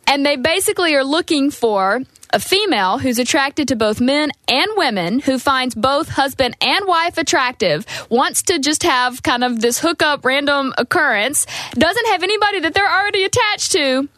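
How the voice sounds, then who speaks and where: A woman guest on a radio talk show, explaining a topic in a quick, eager way. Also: high-pitched, lively intonation, a bit bright, no echo.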